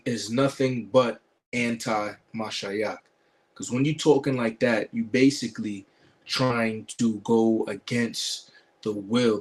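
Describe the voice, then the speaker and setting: Scornful man quoting scripture. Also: medium pitch. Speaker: commentator reacting to a video. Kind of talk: casual reaction commentary.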